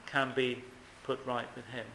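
A man's voice: mid-range voice, flat delivery, unhurried, vocal fry, pushed and bright, echoey room, a little hiss or hum, rough recording. A man preaching a sermon, earnest and emphatic, often asking questions of his listeners.

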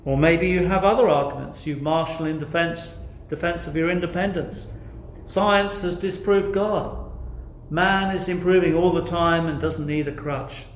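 A man's voice: a little high, steady tone, normal speed, a little hiss or hum. Man, sermon, earnest, rhetorical questions, echoey church room. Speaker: preacher.

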